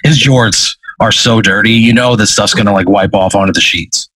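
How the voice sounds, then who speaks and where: A man's voice: on the low side, fairly even intonation, moderate pace, fairly bright tone, husky, no echo, rough recording. A man narrating a tabletop role-play as game master, talking casually and profanely in rambling sentences.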